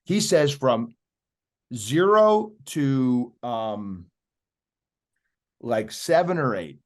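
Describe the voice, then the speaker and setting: A man's voice: medium pitch, sing-song, drawn-out words. Emphatic man explaining with energy. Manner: emphatic, persuasive, addresses host by name. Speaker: podcast guest, youth speaker. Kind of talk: animated interview talk.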